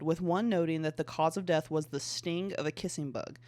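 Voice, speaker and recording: A young adult podcast host reads long passages aloud in a casual way, tripping over words and starting sentences again. The voice sits at a middling pitch. It is recorded close and dry, with no room echo. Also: fairly quick, hardly any pauses. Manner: reads passages aloud with stumbles and restarts, filler "like" between.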